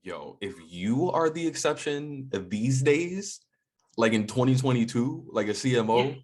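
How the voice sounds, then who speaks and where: A podcast host asking casual, animated questions in an interview. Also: medium pitch, measured pace.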